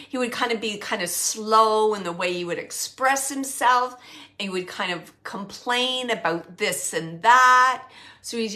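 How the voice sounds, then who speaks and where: A woman working as a psychic medium, talking slowly and with emotion as she passes on messages during a live reading. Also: medium pitch, sharp tone. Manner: slow, emotional, relaying spirit messages. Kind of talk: livestreamed spirit reading.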